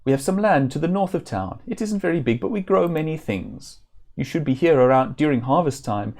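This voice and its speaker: Farm girl fruit seller voiced by a man: a bright, friendly hawker in a retro game, pitched a little higher. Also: lively intonation, a little fast. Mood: cheerful. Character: friendly young female farmer's daughter selling fruit.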